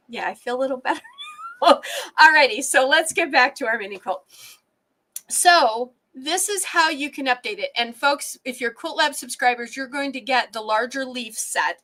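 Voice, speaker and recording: A middle-aged woman, teaching quilting on a casual live stream, chatty and warm toward her viewers, restarting her sentences often. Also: a little high. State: tired and emotional.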